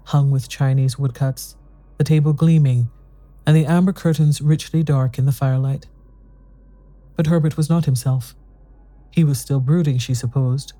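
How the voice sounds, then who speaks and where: A narrator reading a classic ghost story in a measured storytelling manner. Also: medium pitch, warm tone.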